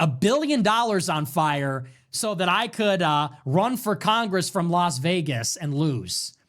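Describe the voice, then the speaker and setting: A man's voice: high voice, a bit bright. A man hosting a political livestream in a casual, mocking rant, mimicking his critics. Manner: mocking, quotes critics in exaggerated voices. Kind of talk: casual ranting commentary.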